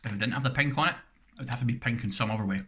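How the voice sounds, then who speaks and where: This snack reviewer and channel host talks very fast in a sharp, mid-pitched voice. Chatting casually between bites in his vlog, he rambles and pokes fun at himself.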